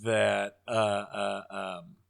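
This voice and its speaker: A man's voice: lowish voice, level tone, very slow, creaky, dry recording, studio quality. Wry, offhand male podcast co-host. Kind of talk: casual chat.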